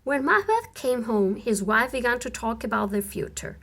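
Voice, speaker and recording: A woman reading a simplified classic story aloud in a clear, deliberate storybook narration. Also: a little high, sing-song, a bit bright. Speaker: audiobook reader.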